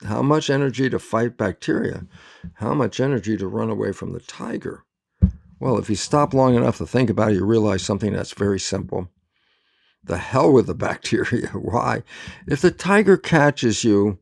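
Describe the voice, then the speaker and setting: Gravelly-voiced man telling an animated story. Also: lowish voice, moderate pace. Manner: acts out both sides of remembered conversations; lively, emphatic, laughs often. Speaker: interview guest, cell biologist.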